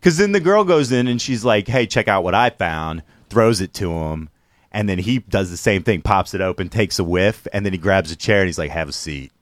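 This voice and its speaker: A man's voice: fairly low pitch, normal speed, no echo. A man casually telling a story, laughing often and acting out the quotes. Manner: laughing, animated, acts out quotes.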